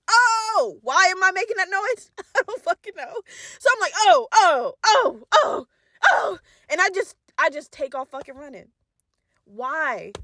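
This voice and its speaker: High-voiced animated woman telling a story. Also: dry recording, clean studio sound. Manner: animated, profane, acts out her past reactions. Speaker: podcast host. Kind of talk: casual storytelling.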